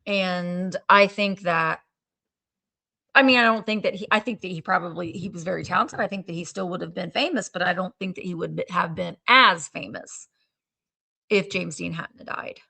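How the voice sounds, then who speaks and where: A woman's voice: fairly low pitch, moderate pace, gravelly, bright, forceful tone. A woman hosting a casual live stream, chatting in a rambling way and trailing off as she hunts for names. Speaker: live-sale stream host. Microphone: streaming setup.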